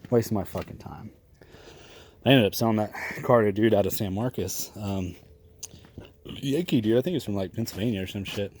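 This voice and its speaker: Profane rambling man, low voice. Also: brisk, pauses often, darkish tone, breathy edge. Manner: profane, rambling, laughs often. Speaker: garage vlogger. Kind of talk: casual storytelling.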